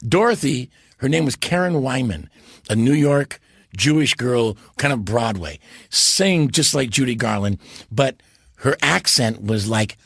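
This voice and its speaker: A man, a podcast guest, telling stories in a lively, animated way and slipping into character voices. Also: mid-range voice, unhurried. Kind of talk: casual interview storytelling.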